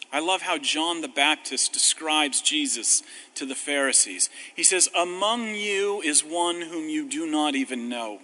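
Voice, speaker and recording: Bright-voiced male preacher, chatty and wry. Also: fairly high pitch, poor audio. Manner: conversational, self-deprecating humor, slows on scripture. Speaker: pastor. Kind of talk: sermon.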